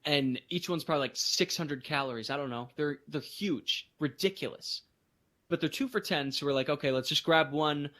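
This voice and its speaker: A man co-hosting a podcast, telling a story in casual chat and jumping into high voices for emphasis. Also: normal speed. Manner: animated storytelling, voices others in bursts of high pitch. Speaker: podcast co-host.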